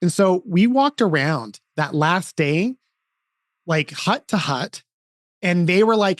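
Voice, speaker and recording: A middle-aged man talks in an earnest, storytelling way, his voice sitting a bit high for a man. He often backs up and restarts his sentences. The sound is dry and close. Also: expressive, slow, dry recording. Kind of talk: casual interview chat.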